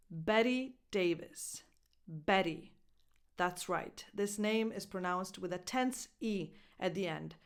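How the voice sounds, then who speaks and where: A woman coaching English pronunciation, repeating each word slowly and carefully and spelling out its sounds. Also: mid-range voice. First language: Italian. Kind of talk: pronunciation lesson.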